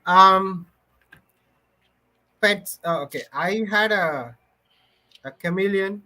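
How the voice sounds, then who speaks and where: Bright-voiced Indian man, easygoing. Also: sits high, takes it slowly. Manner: easygoing, laughs often, agreeable. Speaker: channel host. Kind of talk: casual video chat.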